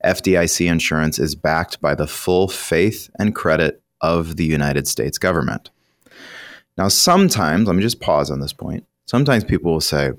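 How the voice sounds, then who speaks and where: A man's voice: deep voice, expressive, normal speed. A man who is a retirement planning professional explaining finance on a radio talk show, emphatic and explanatory. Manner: explanatory, emphatic, occasional laughs.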